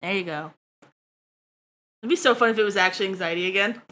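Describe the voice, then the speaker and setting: A woman's voice: mid-range voice, fast talker, pushed and bright. A woman livestreaming while she draws, chatting with her viewers in a crude, joking way. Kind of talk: casual stream chat while drawing.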